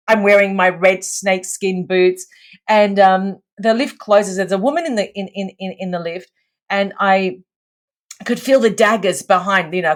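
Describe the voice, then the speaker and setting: Woman, middle-aged, lively emphatic storytelling guest, mid-pitched voice. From Australia. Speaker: podcast guest. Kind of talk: storytelling in conversation.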